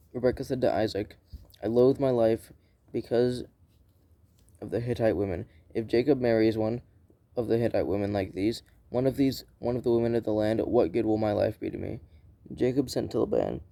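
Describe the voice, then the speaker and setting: Gravelly dark-voiced man reading scripture. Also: lowish voice, dry recording. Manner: plain unhurried reading with frequent restarts and self-corrections. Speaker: Bible reader.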